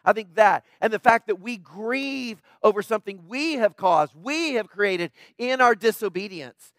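A man's voice: high-pitched, expressive, a little slow, fairly bright tone, no room sound, studio quality. A man preaching a conversational sermon, emphatic and plainspoken, often checking in with the listeners. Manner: emphatic, tags points with "right?". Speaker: pastor.

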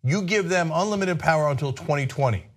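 A man's voice: on the high side, fast talker. A man hosting political commentary, combative and sarcastic in a heated way. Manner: combative and sarcastic, mocking voices.

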